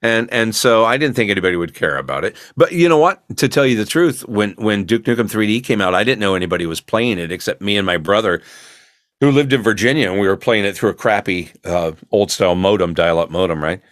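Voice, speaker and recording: Laid-back low-voiced man spinning stories. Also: expressive, quick pace, fairly bright tone, no room sound, clean studio sound. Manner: laid-back rambling storyteller, acts out quoted lines. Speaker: voice actor guest. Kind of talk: casual storytelling chat.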